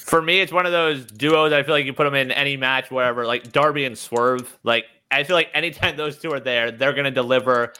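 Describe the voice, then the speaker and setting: A man's voice: medium pitch, steady tone, brisk, hardly any pauses, bright, forceful tone, clean tone. A man co-hosting a wrestling podcast, chatting casually and enthusiastically, with lots of "like". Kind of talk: casual chat.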